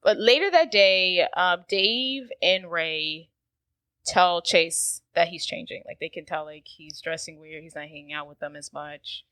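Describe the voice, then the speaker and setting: A woman's voice: lowish voice, unhurried, fairly bright tone, no room sound. A woman co-hosting a podcast, recapping a movie in a loose, rambling way full of fillers. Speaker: podcast co-host. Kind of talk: casual movie recap chat.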